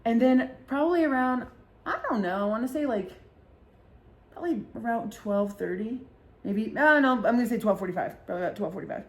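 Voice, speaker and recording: A woman's voice: a little high, animated, a little fast. Chatty, profane young woman telling stories. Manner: chatty and profane, many filler likes. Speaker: podcast host. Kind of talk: casual storytelling chat.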